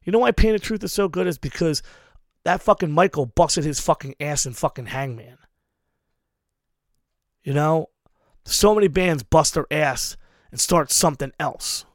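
Swearing heavily and stressing each point hard, a man in his forties who books hardcore shows launches into a profane advice rant. He speaks at a moderate pace with frequent pauses in a voice on the high side, over clean studio sound with no room reverb.

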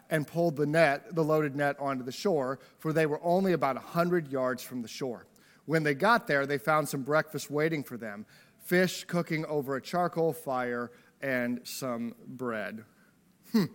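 A man's voice: on the high side, fairly bright tone. A man preaching a sermon to a congregation in a church. He talks casually and jokingly, often checking in with "right?" as he goes. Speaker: pastor. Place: church service before a congregation.

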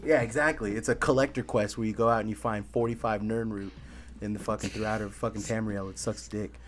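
A man's voice: fairly low pitch, brisk, slight background noise. A man co-hosting a podcast in rowdy casual chat, swearing freely and rambling animatedly. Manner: animated, swearing, gestures loudly, breaks into laughs. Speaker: podcast co-host.

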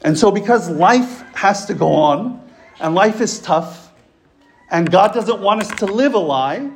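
High-voiced priest telling a story. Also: male voice, a little slow. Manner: storytelling, expressive. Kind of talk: sermon.

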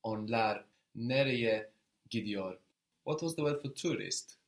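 A man teaching a language lesson, patient and encouraging, prompting a student step by step. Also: mid-range voice. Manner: patient, encouraging, slow and deliberate.

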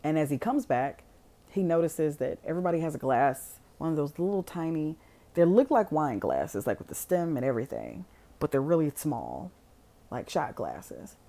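A woman's voice: sits low, normal speed, creaky. A woman casually retelling a film plot, swearing freely and acting out the characters' lines. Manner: animated, swears freely, acts out quotes. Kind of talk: casual storytelling.

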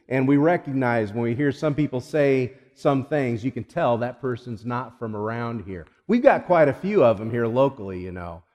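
A man's voice: mid-range voice, darkish tone. A middle-aged man preaching a sermon, a folksy storyteller who voices the people in his anecdotes and asks the audience questions. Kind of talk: sermon illustration with audience interaction. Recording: long hall reverb.

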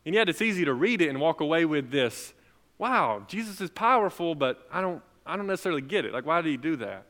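A young adult man preaching a sermon as pastor, swinging between loud, emphatic lines and soft, quiet ones. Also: on the high side, lively intonation, fast talker. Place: church sanctuary. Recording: long reverb of a large hall.

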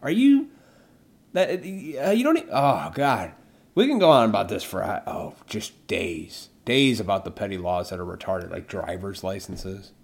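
Male podcast host, profane, mocking, pitch jumping all over, solo rant. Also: sing-song, gravelly. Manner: profane, mocking, acts out imagined people in quick voices.

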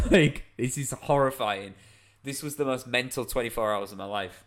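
A man's voice: medium pitch, fast talker, a bit bright. A young British man, a comedian, telling a funny anecdote in casual chat, laughing as he goes. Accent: British English. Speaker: comedian guest.

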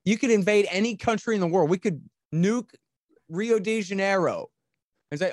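Fired-up guy ranting sarcastically, a bit high voice, dry close sound. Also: normal speed, dry recording. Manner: impassioned, sarcastic, mocking voices. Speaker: podcast guest. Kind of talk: heated political commentary.

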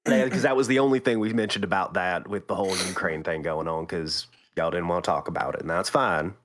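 A man's voice: low voice, steady tone, fast talker, fairly bright tone. Profane drawling Texan man. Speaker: podcast co-host. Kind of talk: casual gaming podcast chat.

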